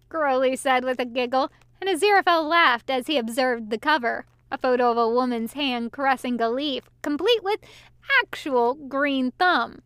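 High smooth-voiced woman reading fan fiction. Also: normal speed, a bit bright, no echo, clean studio sound. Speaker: reader.

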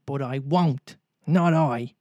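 A man's voice: mid-range voice, slow, darkish tone, dry recording, dull audio, lightly acted. A man reading a storybook aloud, voicing a cocky, defiant young boy with a sneering, boastful manner. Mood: sulky.

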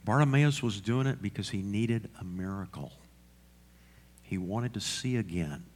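Preacher man, lively and questioning. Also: on the low side, unhurried. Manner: lively preaching, asks the congregation questions, repeats for emphasis. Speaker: pastor. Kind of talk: sermon.

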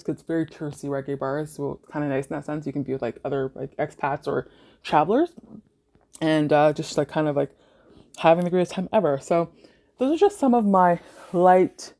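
A woman's voice: low voice, darkish tone. A young woman from Canada hosting a podcast, telling party stories casually, swearing freely and laughing often. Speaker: podcast host. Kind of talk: casual storytelling monologue.

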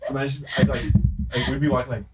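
A man's voice: mid-range voice, level tone, racing. A young man in casual chat, telling childhood stories with jokes and laughter. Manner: joking, laughing storyteller. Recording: distant mic with loud noise.

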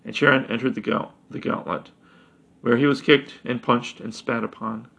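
A man reading a fantasy story aloud in an unhurried way, sometimes correcting himself mid-word. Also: mid-range voice, fairly even intonation, gravelly, fairly bright tone.

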